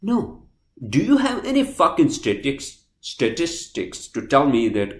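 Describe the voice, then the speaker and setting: A man's voice: mid-range voice, huge pitch swings, a little slow. Angry ranting man, echoey room. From New Jersey, US. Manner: angry, profane, swings between loud outbursts and quiet apologies. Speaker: podcast host. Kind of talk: heated podcast rant.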